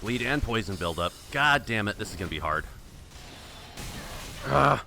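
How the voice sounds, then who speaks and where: Deep-voiced wry gameplay commentator. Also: male voice, expressive, quick pace, sharp tone, a little hiss or hum. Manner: wry, sarcastic running commentary that talks back to enemies. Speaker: let's-play host.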